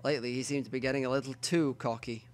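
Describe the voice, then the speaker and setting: A man reading a visual novel aloud as the host of a let's play, with quiet asides to himself between stretches of narration. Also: medium pitch, steady tone, fast talker.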